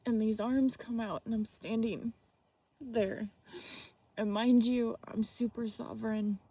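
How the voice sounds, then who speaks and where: A woman speaking outdoors in a slow, halting, emotional personal reflection, with restarts and whispered asides. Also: a little high, steady tone, mellow, breathy edge. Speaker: spiritual vlogger.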